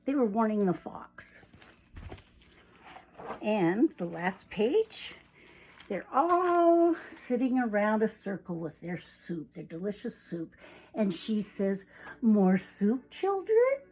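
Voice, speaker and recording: A woman reading a picture book aloud to children, animated and expressive. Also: medium pitch, slow pace, husky, rough recording.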